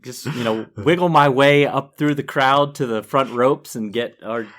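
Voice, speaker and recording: A middle-aged man co-hosting a podcast tells a story about himself in loose, casual chat. He pokes fun at himself and breaks into laughter often. His voice sits at an ordinary middle pitch. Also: normal speed, a bit bright. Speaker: podcast co-host.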